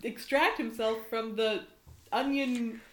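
A woman who is a guest on a comedy podcast, telling jokes in a deadpan, playful way. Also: a little high, slow, a crowd in the background. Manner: deadpan, jokey storytelling. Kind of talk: casual comedy podcast chat.

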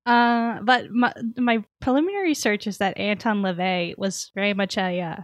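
A chatty woman co-hosts a podcast, recapping an episode in loose, rambling talk with plenty of fillers. Her voice sits at an ordinary pitch for a woman. The sound is close and dry, with no room echo. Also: normal speed. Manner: chatty, filler-heavy, laughs often. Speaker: podcast co-host. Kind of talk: casual chat recapping a TV episode.

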